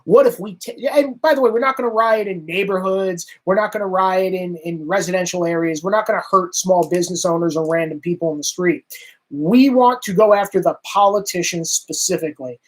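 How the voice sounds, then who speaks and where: A man's voice: high voice, a little fast. A man ranting as a political commentator, sarcastic and emphatic, hammering his points through repetition. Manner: sarcastic, exasperated.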